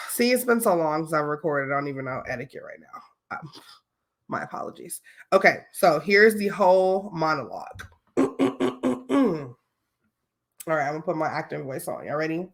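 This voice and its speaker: A woman hosting a podcast, telling a story in a casual, animated way, swearing freely and often checking in with her listeners. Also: deep voice, normal speed, vocal fry, long pauses. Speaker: podcast host.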